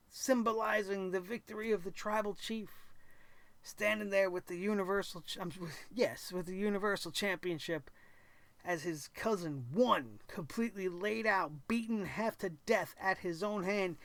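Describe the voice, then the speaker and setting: High-voiced guy hosting a wrestling show, really into it, acts out the lines, dry close sound. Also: gravelly, a bit bright, no echo. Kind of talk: excited wrestling commentary.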